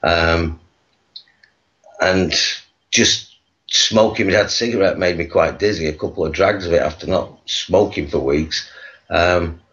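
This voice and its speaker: A man from England, a guest on a video call, telling his life story in a halting way full of pauses. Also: low-pitched, a bit bright, lo-fi sound. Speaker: guest, activist.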